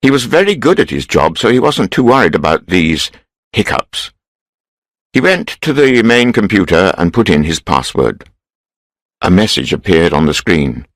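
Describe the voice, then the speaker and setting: A man reading a story aloud in a steady, measured way for English learners. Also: low voice, no echo, low-quality recording. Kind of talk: scripted storybook narration.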